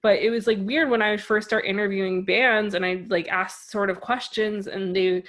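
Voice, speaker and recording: A woman's voice: mid-range voice, steady tone, moderate pace. Chatty woman rambling with "like". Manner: rambling storyteller, heavy use of "like". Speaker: podcast co-host. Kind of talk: casual podcast chat.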